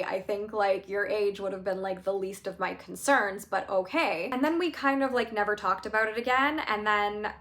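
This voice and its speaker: A woman's voice: mid-range voice, normal speed, hardly any pauses, fairly bright tone. A woman in her thirties, a life coach, telling a personal story in a candid, chatty way with lots of filler words and wry laughs. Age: 30s. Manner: wry, laughs through painful memories. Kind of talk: casual storytelling monologue.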